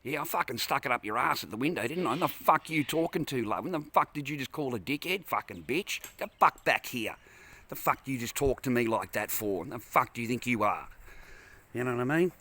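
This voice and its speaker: A man's voice: mid-range voice, animated, fairly quick, pushed and bright. Angry Australian man ranting profanely. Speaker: vlogger. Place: in a parked car.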